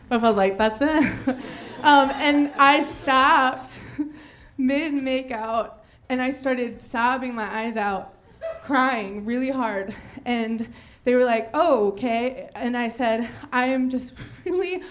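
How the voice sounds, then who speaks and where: A high-voiced woman comedian tells a story on stage, giggly and rambling, poking fun at herself. A faint hiss sits under her voice. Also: takes it slowly, a bit bright. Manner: giggly, rambling, self-mocking. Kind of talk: live storytelling stand-up.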